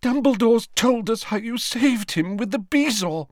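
A man's voice: expressive, unhurried, no echo, clean studio sound. A man voicing a distraught, motherly woman who sobs as she speaks. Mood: tearful. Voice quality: high, sobbing. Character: distraught motherly middle-aged woman, emotional.

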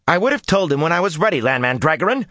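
A man reading an audiobook, voicing a hot-tempered young woman who speaks in a shrill, clipped, furious way. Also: sing-song, slow pace, breathy edge, no echo, exaggerated voice.

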